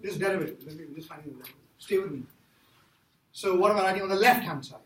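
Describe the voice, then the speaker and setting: A man's voice: high voice, fast talker, slight background noise. A man teaching a math class, emphatic and repetitive as he quizzes his students. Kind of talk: classroom lecture. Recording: echoey classroom from far off.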